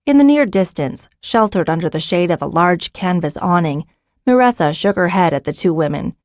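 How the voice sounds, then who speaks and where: A woman narrates a fantasy audiobook in a steady, even storytelling voice. The sound is dry and close, with no room around it. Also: on the low side, moderate pace, no echo.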